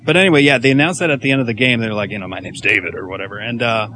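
A man's voice: mid-range voice, racing, background noise. A young man hosting a casual gaming podcast, laid-back and joking. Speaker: podcast host.

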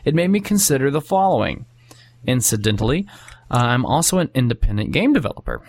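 A man co-hosting a casual podcast, reading a listener email aloud with halting filler pauses and quick asides. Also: medium pitch, sing-song, vocal fry.

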